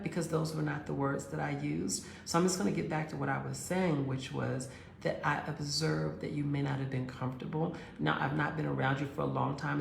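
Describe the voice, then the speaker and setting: A woman with a low, gravelly voice tells a story in a casual, direct way, calling her listeners girls and honey. She acts out both sides of an argument as she goes. The room adds a noticeable echo. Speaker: relationship advice speaker. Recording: roomy echo.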